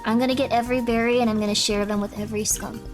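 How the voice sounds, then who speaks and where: Bubbly, rambling young woman streamer. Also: on the high side. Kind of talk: casual let's-play chat.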